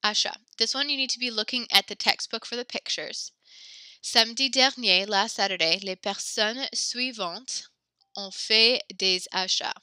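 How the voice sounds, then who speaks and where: A woman's voice: a little high, normal speed, pushed and bright, dry recording. A pregnant woman teaching a French class, slightly out of breath, patient and encouraging as she switches between English and French. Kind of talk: online class instruction.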